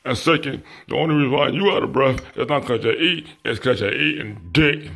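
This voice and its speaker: A man's voice: medium pitch, fairly quick, creaky, a bit bright. A man in casual chat, out of breath, boasting and firing off trash talk at the others.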